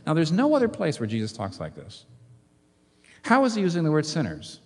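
A man preaching a sermon as pastor, in an animated way full of rhetorical questions. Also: a little high, a little fast, slightly rough. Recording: long hall reverb.

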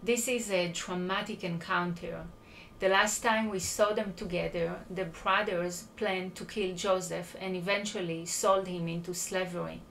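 A woman leading an online Bible study, presenting a prepared teaching in a deliberate, explanatory way. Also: lowish voice, steady tone, creaky, fairly bright tone, a little hiss or hum, poor audio. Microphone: online voice call.

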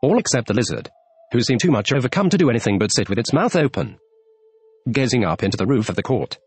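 An audiobook narrator reads a classic storybook with expression, voicing each character, in a medium-pitched male voice that swings widely in pitch. He speaks fast, sounding a little mellow and husky. The recording is a dry close mic with no echo and faint music in the background.

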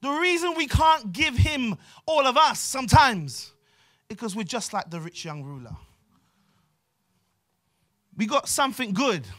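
A man preaching a sermon with a London accent, emphatic and repetitive, often dropping to quieter asides. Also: high voice. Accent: London English. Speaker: pastor.

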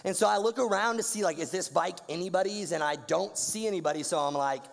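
A man's voice: high voice, lively intonation, normal speed, gravelly, big-room sound. A young man from Georgia, telling a slangy, playful story to a youth audience. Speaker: youth speaker.

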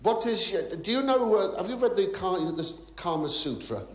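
A man's voice: high voice, sing-song, moderate pace, crowd noise. A man doing live stand-up on a theatre stage, in fussy, flustered patter full of stammered restarts, asides and mock indignation. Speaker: stand-up comedian. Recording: echoey theatre, loud audience laughter.

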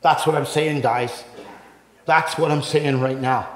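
A man's voice: a little high, steady tone, a little slow. An older man from Canada giving his testimony at a men's breakfast. He tells rambling stories, acts out what people said, laughs along and builds up into preaching. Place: church hall. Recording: echoey church hall, long reverb.

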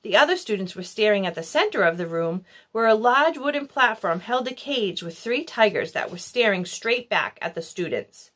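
A woman narrating a children's novel in an expressive storybook style. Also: medium pitch, moderate pace, few pauses. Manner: expressive, animated. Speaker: audiobook reader.

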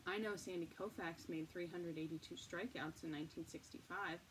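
A woman voicing a quiet young boy who rattles off baseball facts in a plain, matter-of-fact way. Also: on the low side, steady tone, brisk, close to an everyday voice. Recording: distant mic, faint noise.

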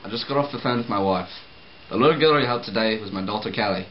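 A man's voice: on the low side, quick pace, close to an everyday voice. A young man playing an earnest company boss who thanks an employee, stumbling over his lines, recorded in an echoey, noisy, lo-fi room. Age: young adult. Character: grateful male company boss, earnest and fumbling. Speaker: student actor. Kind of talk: amateur class-project acting with outtakes.

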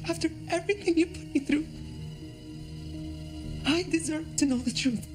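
A woman's voice: high-pitched, moderate pace, lightly acted. An actress playing an earnest, probing woman in a TV drama, with a music score behind her. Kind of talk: TV drama acting.

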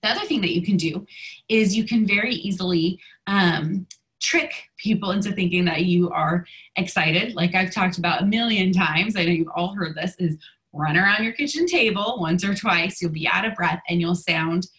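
A woman's voice: fairly low pitch, normal speed, fairly bright tone, low-quality recording. A woman coaching her sales team in a casual video, a little out of breath and talking with many ums and restarts.

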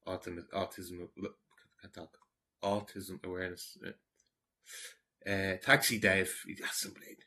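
A man's voice: fairly low pitch, fairly even intonation, a little slow, bright, forceful tone. An Irish man reading out comments in a casual vlog, rambling, combative and mocking. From Ireland. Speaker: online commentator.

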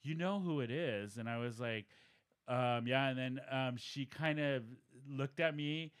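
A man's voice: medium pitch, a little slow, smooth. A man co-hosting a podcast, animatedly retelling a story and acting out the quoted dialogue in a casual chat. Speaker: podcast co-host.

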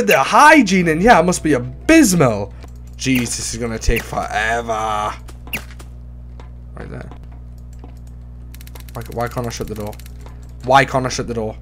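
A man doing casual let's play commentary on a horror game, excitable and bursting into shouts. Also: mid-range voice, measured pace, pauses often, faint music behind. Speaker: gaming YouTuber.

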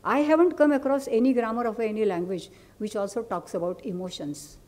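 Mellow-voiced Indian woman lecturing. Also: on the high side, brisk. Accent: Indian English. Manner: explanatory, with asides and questions to the audience. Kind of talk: academic lecture.

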